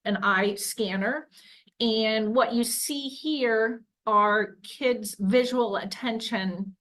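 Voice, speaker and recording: A woman's voice: mid-range voice, a bit bright, low-quality recording. A woman researcher explaining her early literacy work in an earnest, careful way, often correcting herself mid-phrase. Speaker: education researcher. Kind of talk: explanatory talk.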